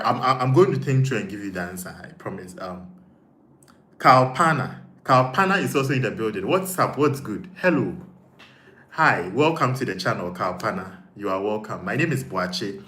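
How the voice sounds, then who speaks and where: Speaking in Ghanaian English, this man runs a relaxed live stream where he reads viewer comments and muses aloud with frequent repetition. His voice sits in the mid range with a fairly bright tone, captured in an echoey room with faint noise.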